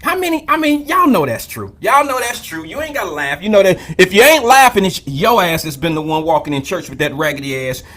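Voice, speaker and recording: Animated, profane male live-show host. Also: high-pitched, a little fast, hardly any pauses. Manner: loose, profane, joking storyteller who greets viewers by name. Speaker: host of a live call-in drive-time show. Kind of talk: casual live-stream monologue.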